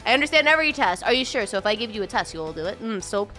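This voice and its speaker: A woman streaming live, chatting casually with her viewers, bubbly and chatty, greeting them in a high sing-song and often laughing. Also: big pitch swings, racing, pushed and bright, faint music behind.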